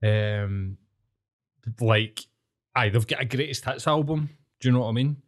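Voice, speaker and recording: A man in his thirties with a Glasgow accent, co-hosting a podcast in casual chat, animated and swearing constantly. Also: mid-range voice, a little slow. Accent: Scottish, Glasgow. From Scotland. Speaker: podcast co-host.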